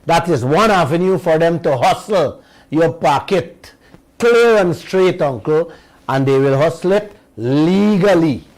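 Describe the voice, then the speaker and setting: His voice a little high and animated, a middle-aged radio host speaks straight to his audience as uncle and auntie in an emphatic political monologue. Words come out drawn-out, over a low-quality recording.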